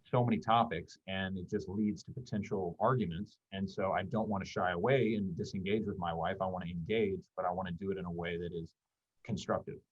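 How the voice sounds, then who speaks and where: Low, rambling male guest with lots of fillers, muffled lo-fi call audio. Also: steady tone, brisk, breathy edge. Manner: rambling, thoughtful, many fillers. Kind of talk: casual conversation on a video call.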